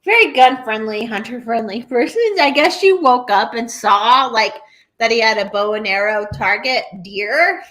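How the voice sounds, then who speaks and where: Animated, foul-mouthed young woman chatting. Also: a little high, moderate pace. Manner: animated, profane, storytelling. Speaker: podcast co-host. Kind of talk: casual chat.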